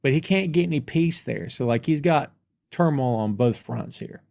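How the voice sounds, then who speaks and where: A man's voice: medium pitch, expressive, moderate pace, vocal fry, darkish tone. A man co-hosting a casual TV review podcast, recapping the episode's plot from his notes. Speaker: podcast co-host.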